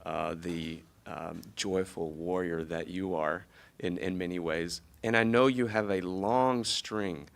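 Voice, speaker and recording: A man hosting an interview, with frequent murmured agreement and halting fillers between phrases. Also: deep voice, steady tone, creaky. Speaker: host.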